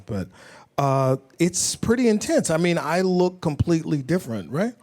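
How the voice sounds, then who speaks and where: A man's voice: on the high side, lively intonation, moderate pace, darkish tone. Playful, laughing man in a casual interview. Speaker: actor.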